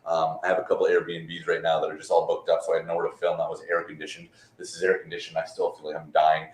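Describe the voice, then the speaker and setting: In a casual interview over a remote call, a guest magician in a borrowed apartment rambles through stories in a laid-back way. His voice is low, monotone and fast, and the recording has a roomy echo.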